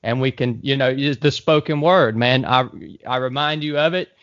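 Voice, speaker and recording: A man's voice: medium pitch, moderate pace, fairly bright tone, dry recording, highs cut off. A male podcast host asking long, rambling questions, restarting often and tacking "man" onto his sentences. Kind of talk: conversational podcast interview.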